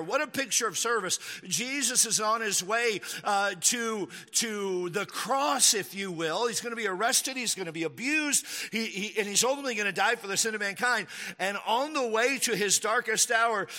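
A man preaching a sermon as a pastor, animated, acting out the people he speaks of in a raised voice. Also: high-pitched. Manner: animated, acts out the disciples' lines in a raised voice. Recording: echoey hall with long reverb.

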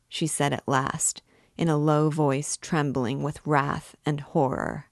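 A woman reading a classic novel aloud in a measured, expressive way. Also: low voice, no echo, clean studio sound. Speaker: book reader and guide.

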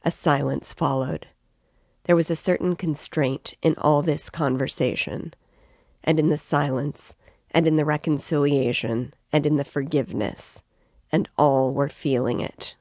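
A woman narrates a classic novel in a low, measured voice. The recording is dry and close, with no room sound. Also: no room sound. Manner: measured, even literary narration. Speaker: reader and guide. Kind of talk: reading a novel aloud.

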